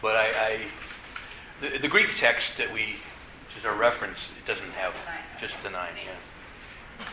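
Guy teaching a parish class, super bright voice, lots of uh's and restarts, echoey hall. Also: fairly low pitch, slight background noise. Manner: halting, repeats words and fills with "uh", then speeds up. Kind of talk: adult faith class lecture. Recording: echoey room, faint ambience.

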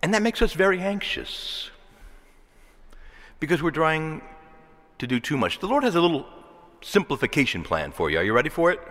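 A man preaching a sermon in a conversational, animated way, posing rhetorical questions to his listeners. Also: fairly high pitch, normal speed, long pauses, big-room sound.

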